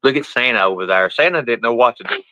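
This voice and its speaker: Bright-voiced man streaming casually. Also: medium pitch, animated, quick pace, no room sound, low-quality recording. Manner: talks to his pets and viewers, swears freely; rough, colloquial speech. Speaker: live streamer. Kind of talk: casual live-stream chat.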